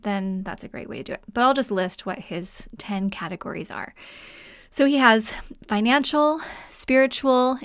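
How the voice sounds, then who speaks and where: A woman hosts her own podcast alone from a room in her home. She talks in a loose, chatty way, full of fillers, and laughs easily as she goes. Her voice sits at a middle pitch and sounds dry and close, with no room echo. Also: fairly bright tone, clean tone. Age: adult mother. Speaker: podcast host. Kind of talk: solo podcast talk.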